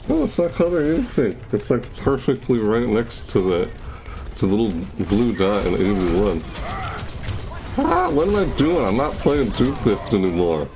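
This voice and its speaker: A man giving casual gameplay commentary, excitable, laughing often and yelping high when thrilled. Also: normal speed, background noise. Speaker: gaming video creator.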